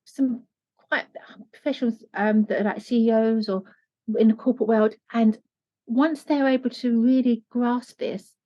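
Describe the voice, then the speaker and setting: A woman life coach talking earnestly in an interview, turning animated when she acts out what people say. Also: fairly high pitch, normal speed. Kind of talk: conversational interview. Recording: dull lo-fi sound.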